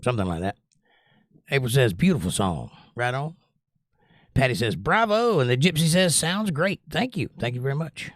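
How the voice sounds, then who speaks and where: A man's voice: mid-range voice, normal speed, no echo, studio quality. An older man hosting a music livestream, reading viewers' comments aloud in a casual, joking way. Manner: animated, reads chat aloud and jokes.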